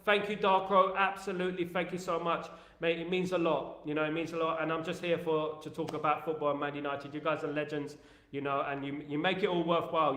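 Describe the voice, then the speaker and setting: A London-accented man hosting a casual football live stream, reading viewer comments aloud, upbeat and repeating his phrases as he shouts out fans. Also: fairly high pitch, echoey room. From England. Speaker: livestream host.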